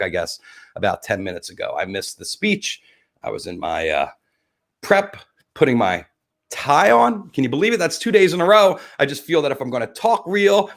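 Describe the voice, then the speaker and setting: A man hosting a live stream, rambling through election numbers with profane jokes and thinking out loud. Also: mid-range voice. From New Jersey. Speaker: livestream host. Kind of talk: casual election commentary.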